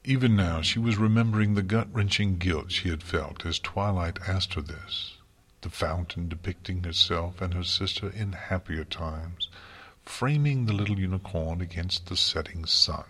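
A man narrating a fantasy story in a calm, steady audiobook reading. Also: low voice, normal speed. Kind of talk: audiobook reading of fan fiction.

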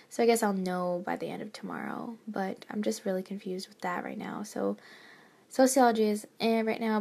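A woman's voice: mid-range voice, vocal fry. A young woman, a college student, chatting in a rambling, hesitant way and often dropping to a whisper, her nose stuffy from a lingering cold. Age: young adult. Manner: rambling, hesitant, with many fillers and soft laughs. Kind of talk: casual chat, often whispered.

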